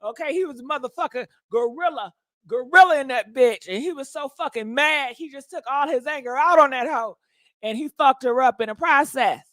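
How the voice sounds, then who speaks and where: A woman's voice: high-pitched, moderate pace, fairly bright tone, no room sound. A woman hosting a casual gossip commentary, talking in a blunt, profane, sassy way. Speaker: host.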